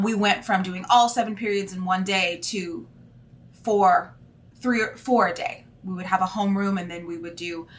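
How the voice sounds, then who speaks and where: Candid woman teacher vlogging. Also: mid-range voice. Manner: candid and animated, lots of fillers. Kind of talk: casual vlog monologue.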